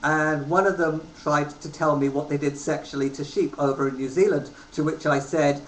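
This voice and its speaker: A man's voice: on the high side, fairly even intonation, normal speed, few pauses. A man in his thirties from England, telling travel stories casually into a webcam, rambling with many ums. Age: 30s. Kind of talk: casual storytelling. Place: home room. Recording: roomy webcam recording with faint hiss.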